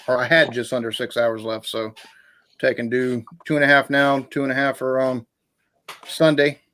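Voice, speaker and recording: A man's voice: mid-range voice, a bit bright. A man hosting a live stream, explaining his schedule in plain, matter-of-fact chat. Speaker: stream host. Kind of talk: casual chat.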